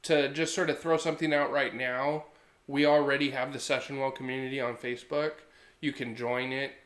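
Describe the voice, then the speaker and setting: A man's voice: mid-range voice, brisk, echoey room. A man in his thirties co-hosting a podcast, telling stories earnestly and acting out quotes in a casual chat. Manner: earnest, animated storytelling with acted quotes. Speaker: podcast co-host.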